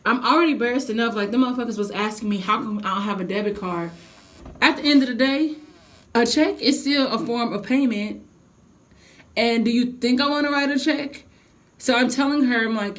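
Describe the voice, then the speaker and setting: A woman's voice: fairly high pitch, brisk, a bit bright. A young adult woman telling a heated storytime to her vlog viewers, venting with blunt, profane language. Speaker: vlogger.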